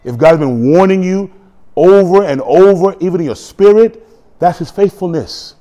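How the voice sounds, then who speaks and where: Man preaching, sermon, animated, jokes, acted-out quotes, lively pitch, mellow tone. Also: moderate pace, lo-fi sound. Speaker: pastor. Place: church.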